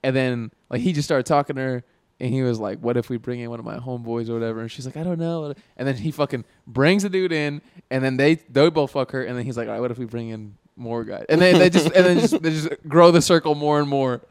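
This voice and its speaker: Fast-talking young man, dry close mic. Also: medium pitch, clear, resonant tone, dry recording. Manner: animated storyteller, acts out voices. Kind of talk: casual podcast chat.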